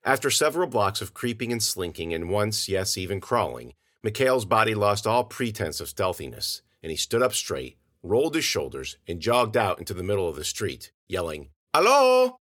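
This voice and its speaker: A man narrates a scripted audio story in a low voice. His delivery is expressive and lively, swinging widely in pitch as he tells it. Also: normal speed, few pauses.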